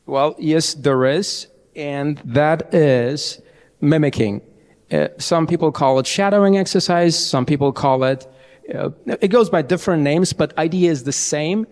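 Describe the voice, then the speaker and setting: A young man giving a lively, chatty IELTS training talk to a live audience, often restarting his sentences. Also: on the high side, unhurried. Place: large event hall. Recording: long hall reverb.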